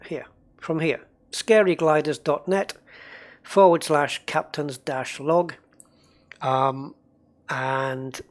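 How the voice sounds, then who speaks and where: Chatty, rambling game streamer. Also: medium pitch. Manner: rambling, chatty, reads and answers viewer chat. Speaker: game livestreamer. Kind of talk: casual gameplay livestream commentary.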